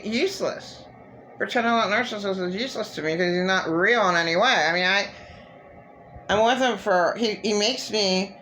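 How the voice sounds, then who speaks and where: A woman speaking alone to camera in a slow, unhurried personal monologue. Her voice has a gravelly fry, and her sentences stall and restart. She swears freely, with a faint hum of room ambience behind her. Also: deep voice, fairly bright tone. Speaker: vlogger.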